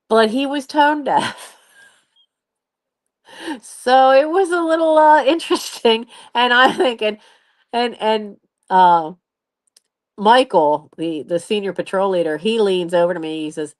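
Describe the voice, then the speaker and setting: A woman in her late fifties talks to her viewers in a relaxed live stream. Her pitch sits in the middle but moves a great deal as she tells the story. She laughs often and mimics the people she quotes. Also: measured pace. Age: 50s. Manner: animated, laughs often, acts out others' voices. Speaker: channel host.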